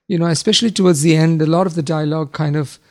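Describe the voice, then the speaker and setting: A podcast co-host giving measured, analytical comments on a film and qualifying each remark. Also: medium pitch, fairly even intonation. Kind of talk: casual film review chat.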